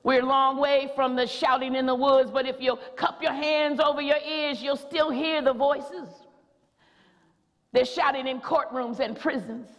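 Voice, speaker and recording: A woman preacher delivering a rousing sermon in a church, repeating phrases and rising to shouts. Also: high-pitched, steady tone, measured pace, big-room sound, lo-fi sound. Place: church sanctuary.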